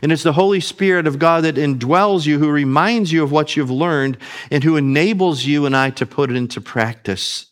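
A man's voice: a little high, normal speed. A man preaching a sermon, earnest, calling his listeners family and asking them questions.

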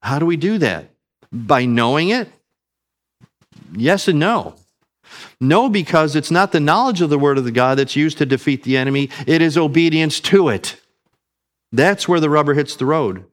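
A man's voice: on the high side, animated, moderate pace, pauses often. A man preaching a sermon, earnest, calling his listeners family and asking them questions.

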